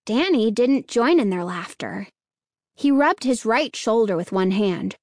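A woman reading a children's story aloud in slow, measured narration. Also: on the high side, expressive, darkish tone, dry recording, studio quality.

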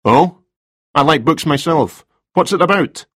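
A man's voice: fairly high pitch, expressive, a little slow, a bit bright, slightly rough, no echo, clean studio sound, pitched above the performer's own voice, full character voice. A man voicing a terse, coolly formal male detective inspector in an audiobook. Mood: probing.

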